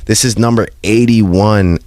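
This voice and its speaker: Casting: man with a very low, smooth voice, relaxed conversational guest. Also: measured pace, dry recording, studio quality. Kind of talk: casual chat.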